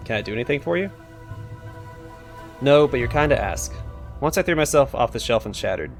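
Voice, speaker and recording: A man's voice: medium pitch, expressive, a little fast, vocal fry, soft background music, voice pushed up. A man voicing a languid, bored talking skull of a pleasure-seeker, in a sultry, languorous manner.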